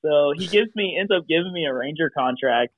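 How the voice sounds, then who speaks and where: A man's voice: a little high, animated, a little fast, breathy edge, no room sound. Man on a tinny dry call line. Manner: rambling, many fillers, acts out quoted voices. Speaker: podcast guest. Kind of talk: casual storytelling. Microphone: video call.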